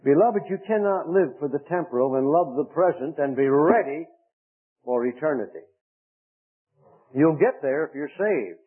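Older preacher over tinny radio. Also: male voice, on the high side, lively intonation, husky. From Lancaster, Pennsylvania. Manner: slow, emphatic preaching that stretches key words. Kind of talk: sermon on a radio broadcast. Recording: tinny phone-like radio recording.

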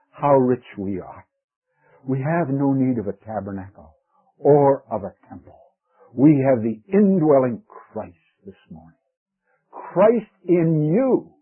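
A man preaching a sermon in an earnest, emphatic way, swelling on key words and dropping to soft asides. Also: medium pitch, breathy edge. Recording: tinny phone-like lo-fi recording.

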